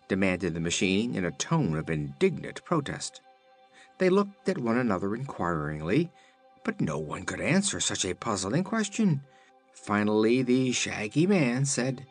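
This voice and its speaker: A man's voice: fairly low pitch, big pitch swings, unhurried, soft background music. A man reading a children's fantasy book aloud as narrator. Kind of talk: audiobook narration.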